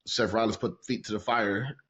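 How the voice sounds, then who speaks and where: A man co-hosting a casual wrestling podcast, talking in a profane, excitable way and laughing often. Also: fairly low pitch, normal speed, lo-fi sound. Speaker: podcast co-host.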